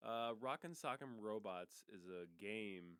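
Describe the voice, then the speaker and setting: A man co-hosting a casual movie review podcast, easygoing and quick to laugh. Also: fairly low pitch, clear, resonant tone, no echo. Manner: laughs easily, relaxed storytelling. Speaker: podcast co-host.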